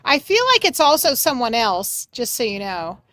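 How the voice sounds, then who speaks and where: A woman hosting a live mediumship reading for her chat, gentle and reassuring, searching for words with many pauses and fillers. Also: a little high, sing-song, no room sound, studio quality. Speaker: medium and livestream host.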